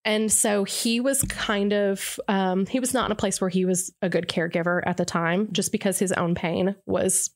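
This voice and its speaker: A woman's voice: medium pitch, fairly even intonation, moderate pace, hardly any pauses. A woman in her forties, a radio co-host, telling her life story in an earnest, reflective way, with many fillers. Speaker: radio morning show co-host as interview guest. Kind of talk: candid personal interview.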